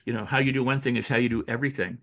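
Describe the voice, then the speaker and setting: An older man, an author and coach, talking in an interview with animated storytelling, acting out quoted voices and often restarting his sentences. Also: mid-range voice, very fast, slight background noise. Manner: frequent restarts and repetitions. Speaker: author and personal growth coach. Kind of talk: interview conversation.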